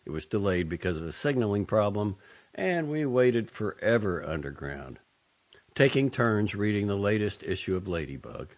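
A man narrating an audiobook in a measured, introspective, softly expressive manner. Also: lowish voice, highs cut off.

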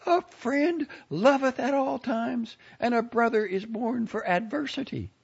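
A man voicing a plump, nosy older woman with a shrill, preachy manner. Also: wildly swooping pitch, a little slow, vocal fry, breathy edge, lo-fi sound, full character voice. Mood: indignant.

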